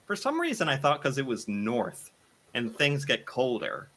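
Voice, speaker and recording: A man's voice: medium pitch, wildly swooping pitch, moderate pace, crowd noise. A young man from the United States hosting a casual reaction video, thinking aloud and laughing often.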